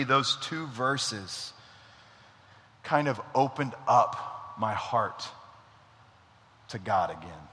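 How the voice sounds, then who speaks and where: A man's voice: mid-range voice, sharp tone. A young adult man giving a conversational sermon, casual and often checking in with his listeners. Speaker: preacher. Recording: long hall reverb.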